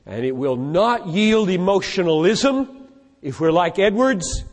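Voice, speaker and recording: Speaking in a large hall, this man with a high voice delivers a forceful, animated sermon. He cites scripture in quick succession, stacking verse upon verse.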